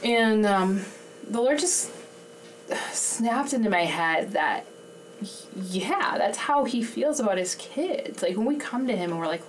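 A woman's voice: on the high side, lively intonation, a little slow. A woman co-hosting a faith conversation, talking candidly and openly about her emotions and laughing often. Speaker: podcast co-host and homeschooling mother. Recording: distant mic, faint background noise.

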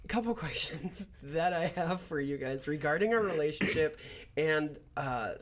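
A man's voice: a little high, animated, normal speed, a little hiss or hum. A young man hosting a casual podcast chat with his brothers, laughing often and restarting his sentences. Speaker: podcast host.

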